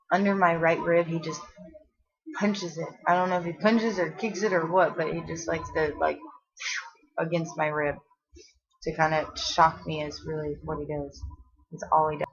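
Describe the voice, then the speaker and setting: A pregnant woman in her twenties with a low, slightly bright voice chats casually while seated at home, sounding short of breath. Her home vlog rambles, full of fillers and restarts, and the audio is dull and lo-fi.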